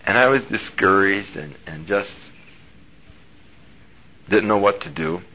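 A man preaching with a bright, forceful edge and a husky, slightly raspy grain. He tells his story animatedly, dropping low and then rising loud. The recording sounds dull and lo-fi. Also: slow. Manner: animated, swings from hushed to loud. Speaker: pastor. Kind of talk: sermon storytelling.

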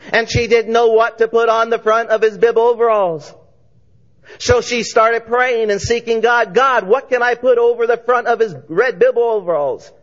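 Male preacher, high voice, animated storytelling, dull lo-fi sound. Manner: animated storyteller, voicing characters in dialogue. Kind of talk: sermon storytelling.

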